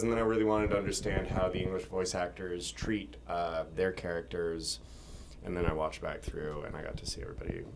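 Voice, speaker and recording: An excitable man with a slightly low voice chats in an interview, laughing often and bursting into acted-out quotes. He was recorded at a convention, with a faint hiss of background noise. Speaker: voice actor guest. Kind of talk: casual interview chat. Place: convention room.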